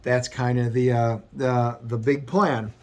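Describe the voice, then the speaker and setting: A man's voice: medium pitch, fairly even intonation, slow pace. A man hosting a comic book review show, retelling the plot in a loose, rambling way with frequent restarts. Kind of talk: casual plot recap.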